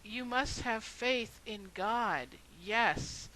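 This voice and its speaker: Slow-spoken, earnest woman. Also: fairly high pitch, sharp tone, low-quality recording. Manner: earnest, rhetorical. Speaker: video blogger. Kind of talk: storytelling and earnest argument.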